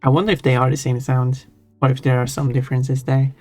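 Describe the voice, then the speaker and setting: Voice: mid-range voice, little pitch movement, a little fast, a little mellow. A live streamer chatting casually while drawing, musing in a rambling, self-deprecating way. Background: faint chill background music.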